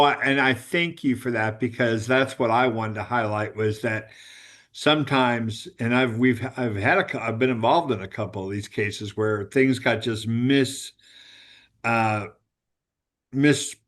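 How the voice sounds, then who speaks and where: Halting man questioning at a hearing. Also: medium pitch, fairly bright tone. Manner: halting, restarts often. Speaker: state legislator. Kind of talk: committee questioning.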